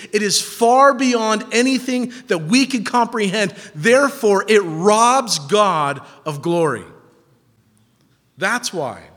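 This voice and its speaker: A man with a high voice delivers a sermon in a hall with a long, ringing reverb. He drives his points home through repetition and emphasis, then drops into casual asides to the congregation. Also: a bit bright. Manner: emphatic, repeating phrases for stress, with asides to the congregation. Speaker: preacher.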